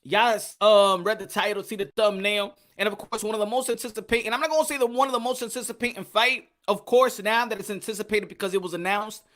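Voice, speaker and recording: A lively man hosts a boxing live stream, talking in loose, repetitive bursts and shouting out names from his chat. His voice has a bright, forceful edge. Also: high voice. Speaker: boxing channel host. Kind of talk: live-stream commentary chatting with viewers.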